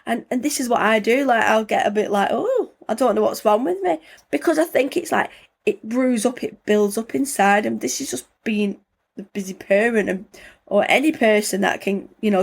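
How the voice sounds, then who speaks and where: A woman's voice: medium pitch, vocal fry, a little mellow. A woman, hosting a podcast in a casual, rambling chat with lots of fillers. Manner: chatty, rambling, many fillers like "like" and "you know". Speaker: podcast host.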